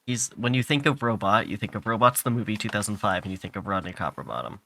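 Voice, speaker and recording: A man's voice: fairly low pitch, fast talker, vocal fry, fairly bright tone. A man co-hosting a casual, unedited podcast chat, mostly giving short, laid-back replies and dry asides. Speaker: podcast co-host.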